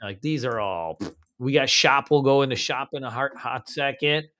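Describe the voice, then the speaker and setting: A man's voice: medium pitch, moderate pace, fairly bright tone. A man hosting a live pre-market trading stream, casual and slangy, humming filler beats as he scrolls through charts.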